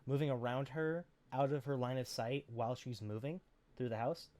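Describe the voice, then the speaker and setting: A man's voice: medium pitch, normal speed, darkish tone. Rambling man recapping a movie. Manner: rambling, profane, sarcastic retelling. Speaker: podcast co-host. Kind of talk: casual film recap chat.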